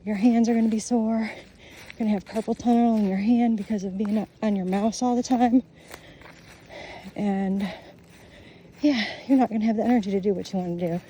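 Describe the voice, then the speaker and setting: A woman's voice: medium pitch, fairly even intonation, moderate pace, long pauses, dark tone, slight background noise. A middle-aged woman in a blunt, profane, ranting casual monologue, filmed on her phone while walking outdoors. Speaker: vlogger. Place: outdoors on a nature walk.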